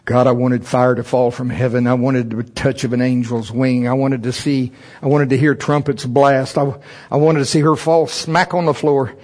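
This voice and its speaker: Male preacher, husky voice, comic storyteller, chuckles often, loud high bursts when acting out his thoughts. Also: steady tone, moderate pace, pauses often. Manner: chuckles often while telling stories. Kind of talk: humorous storytelling sermon.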